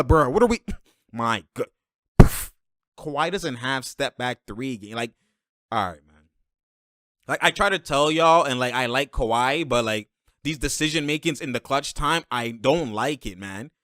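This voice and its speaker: A man hosting a basketball film breakdown, talking in an animated, slangy way, laughing often and calling out to the players on screen. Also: mid-range voice, measured pace, no room sound, clean studio sound. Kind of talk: excited play-by-play breakdown commentary.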